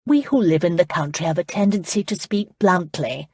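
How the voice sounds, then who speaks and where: A woman narrator voicing a lively, outspoken English noblewoman who teases and speaks her mind. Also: on the low side, brisk, husky, no room sound, clean studio sound. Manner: teasing, outspoken.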